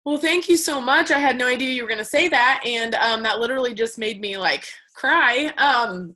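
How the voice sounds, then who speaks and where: A woman's voice: on the high side, moderate pace, few pauses, sharp tone, low-quality recording. A woman who leads a team, talking emotionally on a group call with lots of "like"s. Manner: emotional, rambling with many "like"s. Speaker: team leader. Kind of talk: casual chat on a group call.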